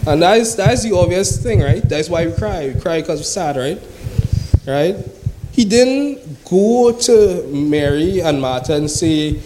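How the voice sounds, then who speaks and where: A man's voice: on the high side, expressive, measured pace, warm tone, slight background noise, rough recording. A man preaching a sermon. He reads scripture aloud, then explains it in a conversational way, often asking "right?".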